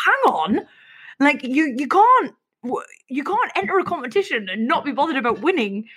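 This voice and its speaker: A woman with a Geordie accent telling stories as a podcast guest, frank and animated, saying "like" a lot. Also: high-pitched, moderate pace. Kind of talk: casual storytelling chat.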